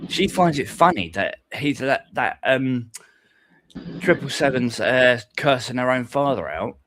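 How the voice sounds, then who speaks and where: A man's voice: medium pitch, lively intonation, a little slow, a bit bright. Rambling sweary man. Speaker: live stream panelist. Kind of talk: casual stream chat.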